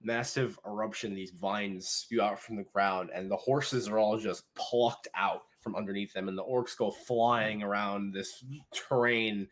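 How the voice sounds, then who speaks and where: A man's voice: on the low side, steady tone, a little slow, few pauses, a bit bright. A man narrating as game master of a tabletop game, in a loose, rambling way full of fillers.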